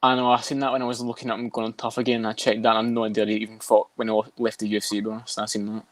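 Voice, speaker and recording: A man's voice: lowish voice, monotone, no room sound. A man co-hosting a podcast, chatting casually and bluntly about fights with plenty of swearing. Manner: rapid, swears a lot, blunt. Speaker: podcast co-host.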